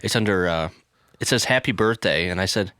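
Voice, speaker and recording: Low-pitched man, teasing podcast banter. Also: brisk, sharp tone, no room sound, clean studio sound. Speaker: podcast co-host. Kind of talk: casual chat.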